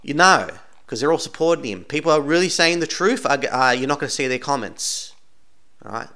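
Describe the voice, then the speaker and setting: A man's voice: a little high, lively intonation, brisk, bright, forceful tone. A man talking through video clips in casual commentary, insistent and rambling, tagging almost every sentence with "right?". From Australia. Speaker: channel host commenting on videos.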